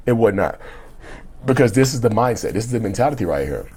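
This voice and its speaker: A man's voice: mid-range voice, animated, fairly quick, darkish tone, husky. A man giving casual commentary as he reads viewer emails aloud and speaks straight to his audience, often repeating words as he goes. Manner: stumbles and repeats words while reading aloud. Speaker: YouTube commentator on narcissistic abuse.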